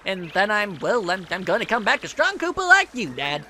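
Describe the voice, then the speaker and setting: A man voicing a shy young male turtle who speaks softly and hesitantly to his father. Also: high voice, huge pitch swings, a little hiss or hum, exaggerated voice. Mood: earnest. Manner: hesitant, soft, halting.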